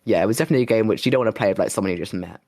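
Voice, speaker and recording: A man co-hosting a podcast, hoarse and losing his voice, chatting casually and rambling with plenty of "like". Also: fairly low pitch, racing, a little mellow, no room sound, clean studio sound. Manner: rambling, lots of "like" and restarts. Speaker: podcast co-host and streamer. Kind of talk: casual chat.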